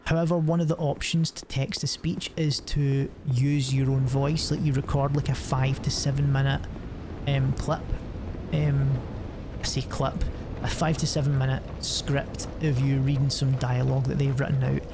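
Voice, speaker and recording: A man's voice: medium pitch, little pitch movement, normal speed, background noise. Rambling man streaming. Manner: rambling and profane, many fillers and restarts. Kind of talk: casual chat while gaming.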